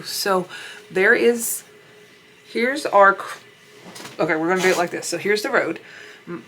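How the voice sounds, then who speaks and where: A woman's voice: on the low side, a bit bright, a little hiss or hum. A young woman chatting casually while doing her makeup at home, rambling and laughing as she tells a story, swearing now and then. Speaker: beauty vlogger.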